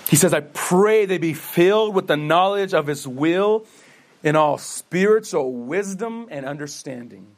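High-voiced earnest male preacher. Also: expressive, measured pace. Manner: earnest, asks rhetorical questions and answers them himself; says he stutters, with frequent restarts. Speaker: pastor. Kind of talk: sermon.

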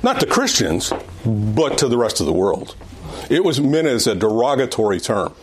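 A middle-aged man teaching an adult Bible class in an easy, conversational way. His pitch sits in an ordinary middle range. He often restarts a phrase and circles back to drive a point home. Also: sing-song, normal speed, soft background music. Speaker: adult Sunday school teacher.

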